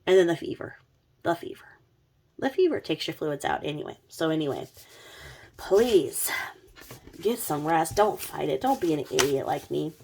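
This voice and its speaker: Woman host, low and gravelly, sick with covid; casual, blunt, sweary commentary. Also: very animated, moderate pace, pauses often, darkish tone. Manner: chatty, blunt, swears freely. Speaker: true crime commentary host.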